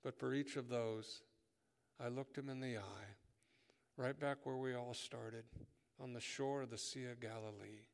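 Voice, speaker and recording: Male pastor, mid-pitched voice, lively sermon delivery, echoing church hall. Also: unhurried. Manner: animated, acts out dialogue, drops to a whisper for emphasis. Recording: long hall reverb.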